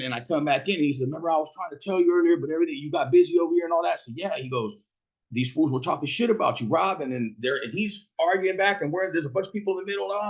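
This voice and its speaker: Man cursing through a story. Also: a little high. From Fresno, California. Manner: profane, animated, acts out quoted voices. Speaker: host telling a personal story. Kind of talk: casual storytelling monologue.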